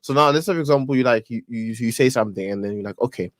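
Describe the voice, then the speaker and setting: A man from South Africa with a Pedi accent, speaking casually at a middle pitch. He answers mostly in brief, agreeable interjections, and his voice is recorded dry and close. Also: racing, dry recording. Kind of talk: casual chat.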